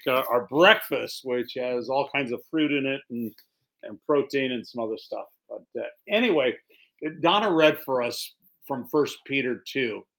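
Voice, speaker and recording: A male pastor giving a relaxed, conversational sermon, reading scripture aloud and explaining as he goes. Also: mid-range voice.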